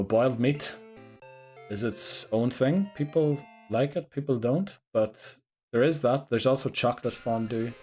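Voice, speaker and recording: A man's voice: mid-range voice, a little mellow. A man with a Northern Irish accent chatting casually and rambling with easy jokes while streaming a game. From Northern Ireland. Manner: rambling, joking, chuckles often. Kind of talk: casual live-stream chat.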